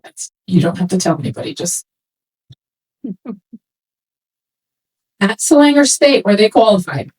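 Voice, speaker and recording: Husky-voiced woman speaking to parents. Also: medium pitch, measured pace, long pauses, low-quality recording. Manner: conversational, animated, acts out quoted remarks. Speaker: swimming technical director speaking to parents. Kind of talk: talk to a parents' session. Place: room with an audience of parents.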